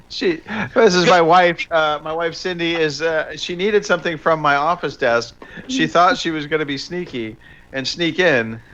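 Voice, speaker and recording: A man's voice: a little high, a little slow, a bit bright, highs cut off. A man hosting a podcast in upbeat, teasing casual chat. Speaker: podcast host.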